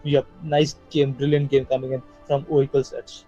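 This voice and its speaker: A man casting a live mobile game tournament, giving energetic play-by-play full of "you know" fillers. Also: medium pitch, moderate pace, dull audio, faint music behind. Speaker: esports caster.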